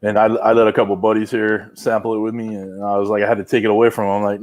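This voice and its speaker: A man chatting on a video call livestream, relaxed and laid-back, talking about his whiskey. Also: on the low side, very fast. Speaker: guest on livestream, mortgage company worker. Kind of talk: casual chat.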